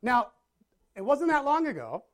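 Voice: high-pitched, huge pitch swings, unhurried. A pastor giving a casual, conversational sermon to a live audience, often checking in with listeners and joking at their own expense. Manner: chatty, self-deprecating, asks the audience questions. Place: church or meeting room with a live audience.

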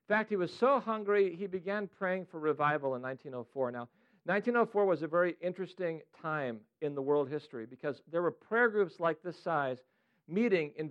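A man leading an informal sermon-style teaching for a prayer group, animated and playful, asking the group questions. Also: fairly high pitch, muffled recording.

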